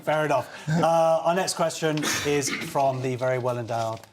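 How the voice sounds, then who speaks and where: A man hosting a studio panel show, reading out audience questions and news items in a brisk, dry manner. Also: fairly high pitch, background noise. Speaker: show host.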